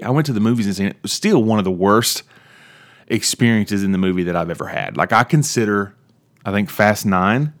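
Rambling low-voiced man musing aloud. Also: fairly quick. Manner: rambling, self-interrupting, animated about movies. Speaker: podcast host. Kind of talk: casual solo monologue.

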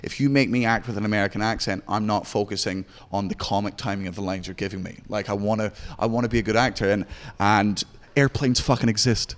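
A Scottish man in his thirties, a stand-up comedian in interview who talks in a profane, rapid storytelling way. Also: lowish voice, steady tone, big-room sound. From Scotland. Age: 30s. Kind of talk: candid interview chat.

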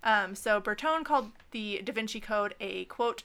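A woman's voice: mid-range voice, moderate pace, a bit bright, smooth. A woman co-hosting a casual podcast who leads the discussion and laughs often. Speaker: podcast co-host.

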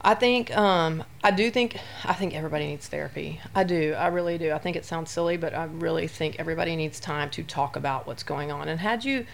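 A woman's voice: sits low, brisk, creaky, hardly any pauses, a little hiss or hum. A woman who works as an OB-GYN doctor, chatting casually on a podcast and telling long, rambling stories full of "you know.".

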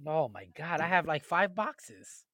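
A man's voice: fairly high pitch, big pitch swings, measured pace, bright, forceful tone. A man hosting a casual group voice chat, running a cereal tournament with a teasing, chatty manner and frequent laughter, speaking into a headset on a call.

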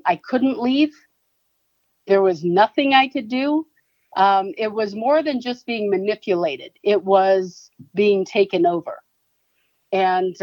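A woman guest on an interview, giving a halting, earnest personal account. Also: mid-range voice, no room sound, lo-fi sound. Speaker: guest, advocacy founder.

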